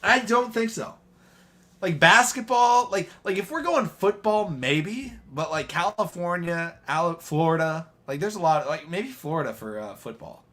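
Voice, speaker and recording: A man's voice: sits high, animated, unhurried, bright, forceful tone. A man co-hosting a live stream, chatting casually about football, rambling and hesitant with frequent laughs. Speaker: podcast co-host.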